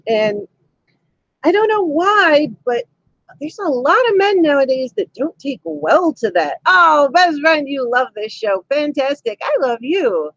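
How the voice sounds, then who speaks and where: A woman streaming live from home reads viewers' comments, laughing often and chatting with them cheekily. Her high-pitched voice is very animated yet a little slow, and the camera mic yields a muffled recording without echo.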